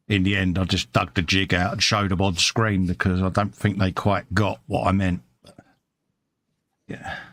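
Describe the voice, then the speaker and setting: A man's voice: sits low, fairly bright tone, dry recording. A British man co-hosting a casual live stream from his hobby workbench, chatting and reading viewer comments aloud, calling everyone mate. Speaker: live show co-host.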